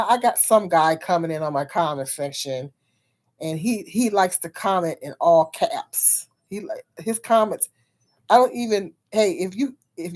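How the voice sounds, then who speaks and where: A woman chatting on her own livestream in a slightly low voice, talking frankly to whoever drops in. She rambles, circles back over her words and laughs often between thoughts. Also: a little mellow. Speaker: livestream host. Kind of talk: casual livestream chat.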